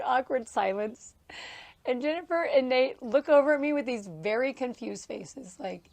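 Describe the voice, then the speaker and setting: A woman in her thirties hosts a casual solo podcast outdoors near a horse trailer on a farm, telling rambling stories full of asides and frequent laughter. Her voice is high-pitched, animated and a little mellow, with a creaky quality and a measured pace. She comes across as chatty.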